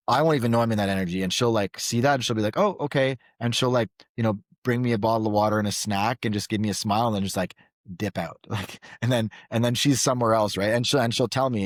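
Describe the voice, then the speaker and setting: A man's voice: on the low side, dry recording, studio quality. A man who coaches men, talking frankly as a podcast guest, telling stories with lots of restarts. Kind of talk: casual podcast conversation.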